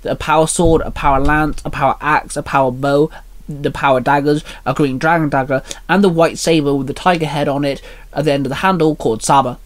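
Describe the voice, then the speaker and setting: Casting: male storyteller, steady reading, slightly high voice. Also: fairly quick. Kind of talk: reading a fan story aloud.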